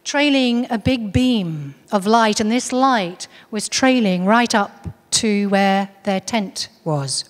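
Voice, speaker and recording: A woman's voice: mid-range voice, slow, hardly any pauses, in a large hall. A woman giving a talk, earnestly recounting a case story with frequent restarts. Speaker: speaker on UFO contactees.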